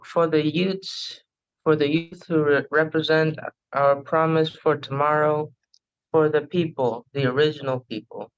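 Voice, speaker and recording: A man reciting a solemn ceremonial dedication in a slow, even cadence. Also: a little high, clean tone, dull audio. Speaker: libation reader.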